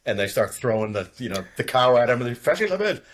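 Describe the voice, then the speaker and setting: A man's voice: medium pitch, steady tone, fast talker. A man in his sixties from outside Boston, a retired fighter pilot telling war stories in casual, profane talk and acting out radio calls. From outside Boston, USA. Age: 60s. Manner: profane, laughing storyteller who acts out radio calls.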